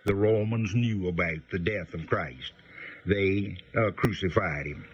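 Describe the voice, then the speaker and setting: A man teaching the Bible on the radio in a folksy, unhurried way, explaining with frequent pauses. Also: low voice, husky. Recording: dull lo-fi radio broadcast.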